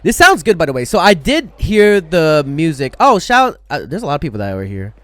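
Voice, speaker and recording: A young man reacts to a music video on a live stream, talking casually and excitedly with plenty of slang. His voice is lively and bouncy, swinging widely in pitch. He speaks briskly, and there's no echo.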